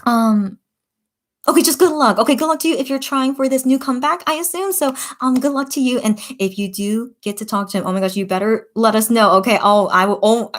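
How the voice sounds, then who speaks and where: Young woman rambling on a late night stream, lots of ums and restarts, kinda high voice. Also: brisk. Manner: chatty, lots of fillers and restarts. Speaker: livestream host reading chat. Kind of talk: casual chat.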